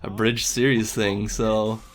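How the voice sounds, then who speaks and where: A man's voice: lowish voice, level tone, takes it slowly. A young man, an animator, talking casually in an interview, rambling and self-deprecating, with casual swearing.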